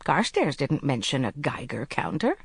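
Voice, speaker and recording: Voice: mid-range voice, wildly swooping pitch, normal speed, vocal fry, breathy edge, no echo, studio quality, exaggerated voice. A narrator voicing a polite, genteel older woman who spies on the side, in an audiobook. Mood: mild. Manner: polite, mild, proper. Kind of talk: audiobook character voice.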